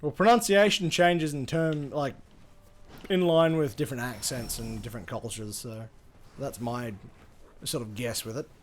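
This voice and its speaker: A man's voice: mid-range voice, moderate pace, a little hiss or hum. A young Australian man streaming a game, rambling and swearing casually as he answers chat between plays. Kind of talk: casual gaming livestream chat.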